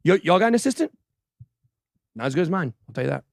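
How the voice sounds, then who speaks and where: A man with a drawl talks on a livestream, his voice sitting a touch high for a man. He jokes, brags and banters between news items in a loose, casual way. The sound is dry and close, with no room echo. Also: big pitch swings, fast, creaky. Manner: joking, boastful banter with crew and chat. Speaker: host of a crypto news livestream.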